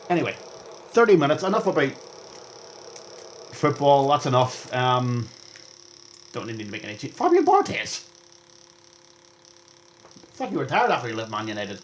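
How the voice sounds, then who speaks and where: A young man rambling through gameplay commentary as a vlogger, chatty and excitable, jumping between topics and reacting aloud to the game. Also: medium pitch, slight background noise. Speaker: gaming vlogger.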